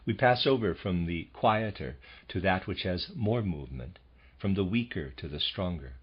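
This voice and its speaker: A man with a very low, slightly husky voice reads a lecture in a measured, formal way. The audiobook sound is a little dull and lo-fi. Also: lively intonation. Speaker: audiobook narrator. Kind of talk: scripted audiobook reading of a lecture.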